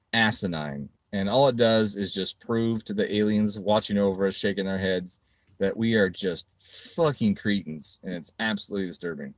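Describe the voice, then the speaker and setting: A middle-aged man answering viewers' questions in a casual livestream, profane and ranting, mocking critics. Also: no echo. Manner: profane, ranting, mocks critics in shrill voices. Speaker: car parts business owner answering live chat.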